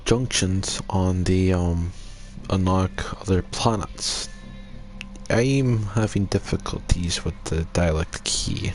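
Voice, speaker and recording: Casual gaming host, man: unhurried, rambling recap full of fillers, low-pitched voice. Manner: relaxed, rambling, hesitant with fillers.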